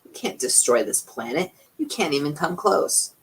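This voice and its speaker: A woman's voice: low-pitched, sing-song, normal speed, a little hiss or hum, low-quality recording. A woman playing a weary, scornful male mathematician. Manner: sighing, scornful, lecturing.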